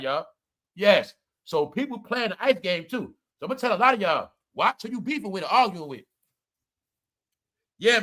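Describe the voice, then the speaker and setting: A man's voice: high voice, sharp tone. A man ranting comedically and profanely to his viewers, calling them y'all and preaching his point. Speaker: commentary vlogger.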